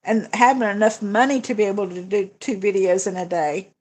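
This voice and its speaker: A woman's voice: mid-range voice, brisk, darkish tone. Woman chatting on her budget livestream, lots of uh and um, answers comments one by one. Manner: chatty, hesitant, many fillers and restarts. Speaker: budgeting channel host. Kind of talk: casual livestream chat reading comments.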